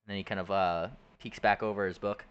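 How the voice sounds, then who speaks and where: Young guy running a tabletop game, lowish voice, lots of uh and um. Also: flat delivery, smooth, muffled recording. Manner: rambling, halting, laughs often. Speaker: game master.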